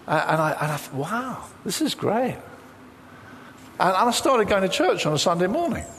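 A man preaching with an animated, storytelling delivery. His voice sits a little high and swings widely in pitch as he acts out quoted conversations. A faint hiss runs under the recording. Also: fast. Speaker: pastor. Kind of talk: sermon.

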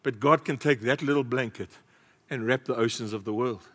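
A man preaching a sermon with passion, swinging between loud exclamations and soft, close asides. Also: mid-range voice, fairly quick. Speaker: pastor. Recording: long reverb of a large hall.

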